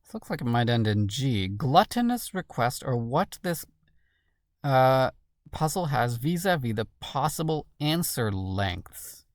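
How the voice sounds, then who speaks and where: A woman's voice: very deep voice, sing-song, a little slow, darkish tone, no room sound, studio quality. A woman solving a crossword while thinking aloud, muttering questions to herself. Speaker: crossword solver.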